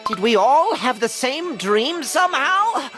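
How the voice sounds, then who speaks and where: A spirited young cookie companion from a fantasy game, quick to indignation. Her fairly high voice rises and falls widely, but she speaks slowly. Game music hums behind her. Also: big pitch swings, fairly bright tone, exaggerated voice. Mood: curious.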